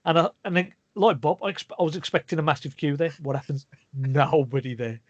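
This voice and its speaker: A man with a slightly high voice tells a story in a casual podcast. He rambles and restarts his sentences, and the recording is dry and close. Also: fairly quick, dry recording, dull audio. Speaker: podcast co-host. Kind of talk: casual chat.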